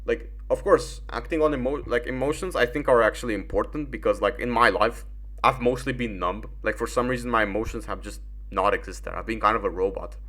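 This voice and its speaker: A man's voice: mid-range voice, fairly quick, fairly bright tone. A young man giving rambling, casual commentary while gaming, full of fillers and swearing.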